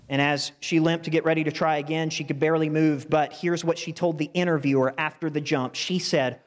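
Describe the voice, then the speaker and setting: A man's voice: on the high side, fairly even intonation, a little fast, hardly any pauses, big-room sound. A male pastor preaching a sermon in a conversational style, with asides to the congregation.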